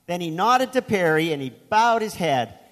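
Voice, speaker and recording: A man's voice: sits high, big pitch swings, moderate pace, fairly bright tone, in a large hall. A man preaching a sermon as pastor, telling a story in a conversational way with asides.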